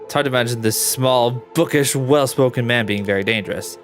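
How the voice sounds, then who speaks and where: A man talks casually over a story game he is playing, chatty and rambling, quick to laugh. His voice sits in a middle register. Soft game music plays faintly beneath. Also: medium pitch. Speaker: let's-play gamer.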